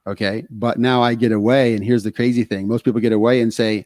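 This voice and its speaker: Co-hosting a casual podcast, a middle-aged man from the United States shares frank stories packed with fillers. He talks quickly with a medium-pitched, darkish voice and fairly even intonation, recorded dry in clean studio sound.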